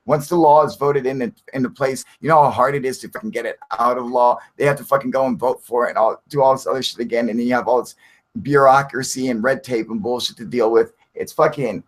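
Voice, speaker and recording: A man's voice: medium pitch, fairly even intonation, fast. A man hosting a live stream, ranting heatedly with lots of swearing while reading and answering viewer chat.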